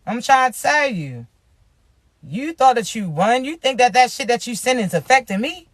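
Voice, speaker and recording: A woman with a raspy voice giving a casual spiritual reading, emphatic and full of profanity. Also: fairly high pitch, lively intonation, moderate pace, no echo, studio quality. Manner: profane, emphatic, hyped-up preaching. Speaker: tarot reader.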